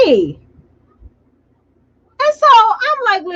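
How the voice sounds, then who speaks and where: Animated woman coach on a live stream. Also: fairly high pitch, moderate pace, lo-fi sound. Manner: animated storytelling, addresses viewers as y'all. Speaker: business coach. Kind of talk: casual live-stream talk.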